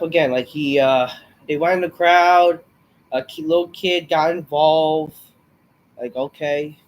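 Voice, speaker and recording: A man's voice: fairly high pitch, a little hiss or hum. A man reviewing a wrestling show in a rambling, frustrated rant, swearing often and sighing, unwell and short of breath. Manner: profane, frustrated, rambling with sighs.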